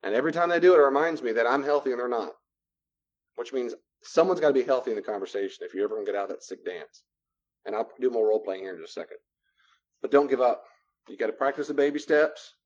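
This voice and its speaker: A man's voice: mid-range voice, animated, quick pace. Guy teaching a class, chatty, repeats stuff, kinda muffled lo-fi audio. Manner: conversational, repeats phrases for emphasis. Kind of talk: classroom lecture with role-play.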